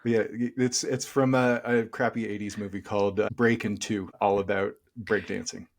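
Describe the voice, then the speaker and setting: A man's voice: on the low side, little pitch movement. Joking male podcast co-host. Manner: joking, quick-witted. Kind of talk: casual podcast chat.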